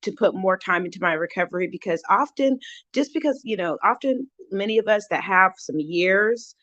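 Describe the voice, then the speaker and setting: A woman's voice: medium pitch, expressive, normal speed, a bit bright, no room sound, highs cut off. A woman hosting her recovery channel in a casual livestream chat, earnest and heartfelt, often restarting her sentences.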